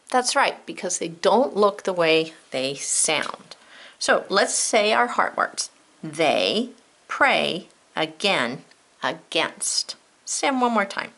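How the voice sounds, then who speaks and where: A woman's voice: lowish voice, gravelly, a bit bright. A woman teaching a spelling lesson to children, spelling words out letter by letter and thinking aloud in an encouraging way. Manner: thinks aloud, talks to herself.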